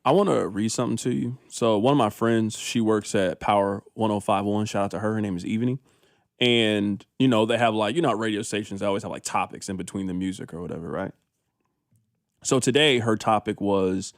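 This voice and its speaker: A man co-hosting a casual sports talk radio show, riffing in an animated, incredulous, slangy way into a studio microphone. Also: fairly low pitch, moderate pace, no echo.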